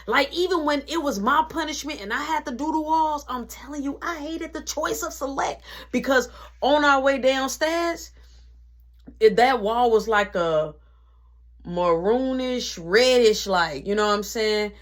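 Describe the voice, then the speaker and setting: A woman's voice: high voice, measured pace. A woman vlogger retelling a family story in slangy casual speech, acting out the people in it. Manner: slangy, animated, acts out quotes.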